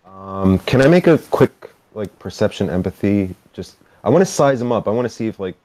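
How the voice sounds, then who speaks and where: A man's voice: on the low side, lively intonation, moderate pace, darkish tone. A man playing a tabletop role-playing game, talking casually and hesitantly. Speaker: player.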